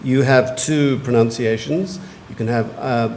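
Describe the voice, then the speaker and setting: A man, pronouncing words clearly and giving short definitions at a spelling competition. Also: mid-range voice, steady tone, a little mellow, a little hiss or hum. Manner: measured, repeats each word clearly and gives brief definitions. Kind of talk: formal word pronouncing at a competition. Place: large museum hall.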